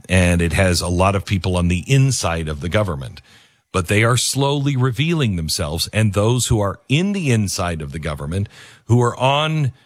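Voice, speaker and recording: A man's voice: medium pitch, no room sound. A man delivering a political opinion monologue, emphatic and repetitive, with frequent fillers and restarts. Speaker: political commentator.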